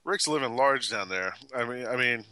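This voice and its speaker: A man hosting a basketball podcast in relaxed, easygoing chat, laughing often. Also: medium pitch, normal speed, no room sound. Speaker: podcast host. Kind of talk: casual sports chat.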